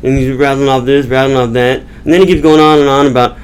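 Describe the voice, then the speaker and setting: A man's voice: medium pitch, fairly even intonation, fast talker, smooth, low-quality recording. A man, the podcast host, rambling through a casual movie recap with chatty restarts.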